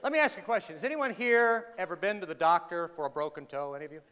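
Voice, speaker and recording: Before an audience in a large hall, a male keynote speaker tells a comic story with a high, bright, forceful, smooth voice, lively intonation and a quick pace. He's wry and sarcastic, teasing the crowd, in a live hall recording with long reverb.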